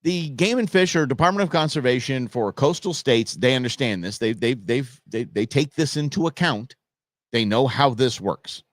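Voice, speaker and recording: A man's voice: mid-range voice, animated, moderate pace, no echo, clean studio sound. A man hosting a live show, ranting casually and sarcastically, often stammering and repeating words as he goes. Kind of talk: casual livestream rant.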